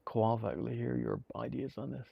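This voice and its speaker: A man's voice: mid-range voice, steady tone, fairly quick, gravelly, slightly rough, no room sound, lo-fi sound. A man chatting casually to viewers on a live stream, rambling, with many restarts and repeated words. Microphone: streaming mic.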